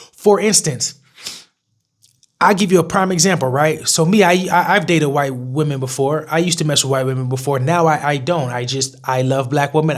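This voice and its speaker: Young male vlogger, high voice, blunt and profane, casual rant to camera.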